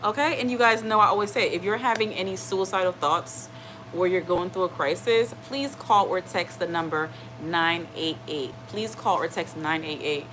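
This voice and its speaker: A woman with a fairly low, slightly bright voice hosts a chatty live stream at normal speed. She rambles, reads out comments and reassures her audience, often adding "okay?" to check in. Slight background noise and rough recording quality are audible.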